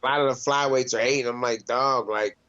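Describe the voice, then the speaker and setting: A man's voice: medium pitch, steady tone, brisk, lo-fi sound, a crowd in the background. A man, a mixed martial arts fighter, chatting casually in an interview, loose and profane with lots of laughs and restarts. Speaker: MMA fighter, interview guest.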